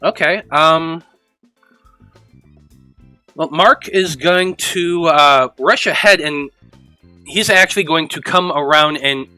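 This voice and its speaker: Halting, bright-voiced man running a game. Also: a little high, smooth, no room sound, faint music behind, rough recording. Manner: rambling, halting restarts. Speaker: game master. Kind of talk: narrating a tabletop game.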